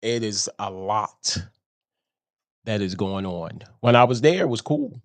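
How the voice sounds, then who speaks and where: A man's voice: on the low side, expressive, measured pace, dry recording. A man hosting a show, telling a story in a rambling, casual monologue and often laughing at himself. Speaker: show host.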